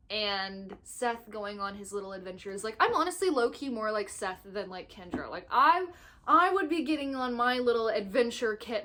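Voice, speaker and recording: A young woman rambling excitedly in a casual book review vlog, recorded on her phone. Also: medium pitch. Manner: excitable, gushing, talks in quick bursts with restarts. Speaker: book vlogger. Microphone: phone microphone.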